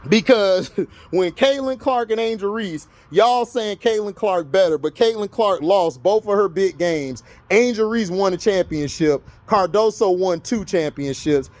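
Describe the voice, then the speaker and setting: This sports vlogger from Florida has a high, slightly mellow voice. Heated and argumentative, he rants at the camera, scolding the people watching.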